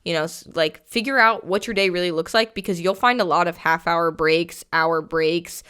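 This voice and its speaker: A woman co-hosting a laid-back fitness podcast, her voice smooth and clear and pitched fairly low. She talks in quick, excitable bursts, laughs easily and swears casually. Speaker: podcast co-host, personal trainer. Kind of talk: casual chat.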